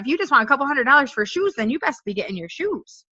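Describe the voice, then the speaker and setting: A woman's voice: high-pitched, very animated, quick pace, bright, forceful tone, no room sound. A woman in her thirties, a stuffy-voiced team leader giving her sales team an upbeat, direct pep talk. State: stuffy from allergies. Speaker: network marketing team leader. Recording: dull, dry lo-fi recording.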